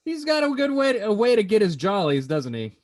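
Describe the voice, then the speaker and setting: Animated, playful man hosting a podcast. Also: high-pitched, fairly quick. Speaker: podcast host. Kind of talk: casual chat.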